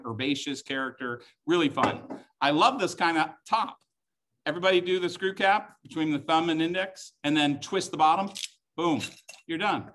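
Bright-voiced chatty wine tasting host. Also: male voice, a little high. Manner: chatty, joking, enthusiastic. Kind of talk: live-streamed wine tasting class.

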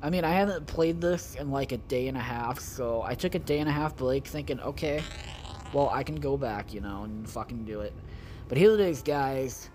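A man's voice: medium pitch, moderate pace, background noise. A man doing casual let's-play commentary, profane, exasperated and rambling as he talks to his viewers. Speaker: gaming video creator.

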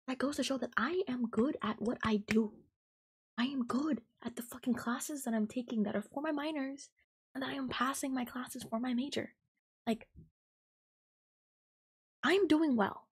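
A woman in her twenties hosting a podcast, venting heatedly and profanely about a coworker, talking fast with lots of fillers. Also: high voice, husky. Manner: fast and emphatic. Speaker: podcast host. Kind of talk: ranting storytime podcast.

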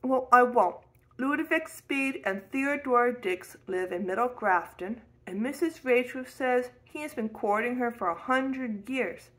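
A woman's voice: a little high, a little slow, pitched above the performer's own voice, natural voice. A woman voicing a blunt, chatty nine-year-old boy in a storybook reading. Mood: curious. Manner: chatty, curious, cheerfully outspoken.

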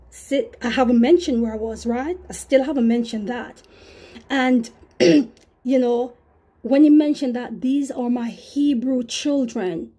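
A woman's voice: on the high side, dark tone, husky. A woman preaching an earnest testimony sermon, repeating herself and calling out to her brothers and sisters.

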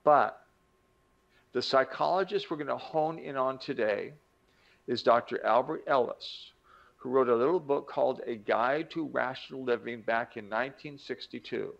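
A man's voice: medium pitch, moderate pace, gravelly, lo-fi sound. An older man giving an emphatic motivational talk, acting out quoted voices as he teaches. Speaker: self-help teacher.

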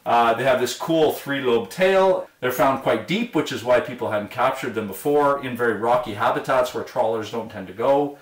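A man, a university professor, giving an online lecture and telling a story with lively enthusiasm, acting out the quoted voices. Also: medium pitch, moderate pace, hardly any pauses. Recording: roomy, distant mic.

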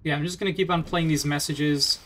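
Man, let's play commentary, casual, rambling, chuckles, slightly high voice. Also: fairly even intonation, a little fast, crowd noise. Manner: chatty, rambling with fillers and little laughs.

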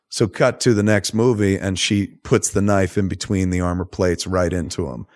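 A man hosting a podcast, recapping a film in a loose, profane, animated storytelling way. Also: sits low, normal speed, hardly any pauses. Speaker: podcast host. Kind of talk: casual movie recap chat.

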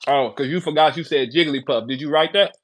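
A man's voice: fairly high pitch, fairly quick. A man hosting a casual talk show, taunting and mocking someone in profane slang. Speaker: show host. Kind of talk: casual trash-talk commentary.

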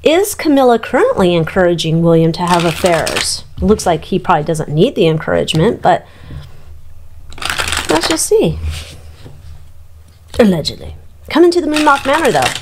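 A woman's voice: lowish voice, big pitch swings, moderate pace, pauses often, background noise. A woman giving a casual, gossipy and irreverent tarot reading to her viewers, full of asides. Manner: gossipy, irreverent, frequent ums and laughs. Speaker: tarot reader.

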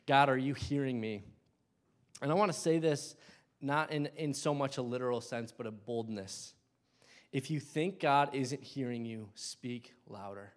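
Casual young guy preaching in church, fired up, goes loud then drops quiet. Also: mid-range voice. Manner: impassioned, swings between loud bursts and hushed asides. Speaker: lay preacher. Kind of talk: sermon.

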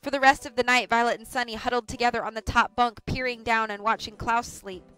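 A woman reading a children's novel aloud on a livestream, with clear, measured storytelling. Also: on the high side, steady tone, bright, forceful tone, faint music behind, low-quality recording. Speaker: audiobook reader.

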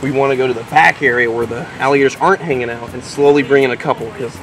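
A man hosting a wildlife vlog outdoors at an alligator park, talking in an energetic, playful way and loudly coaxing the animals. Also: mid-range voice, fast talker, noisy background. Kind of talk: excited casual talk with animals.

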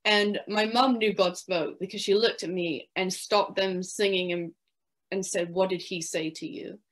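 A woman's voice: mid-range voice, steady tone, unhurried. A woman with a British accent, an interview guest, earnestly telling a personal faith story and quoting what she once said. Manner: earnest storytelling, quoting her own past words.

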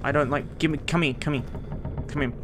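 A man giving casual let's-play commentary, swearing a lot, excitable, and talking to himself as he plays. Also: fairly high pitch, fairly quick, noisy background. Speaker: gameplay streamer.

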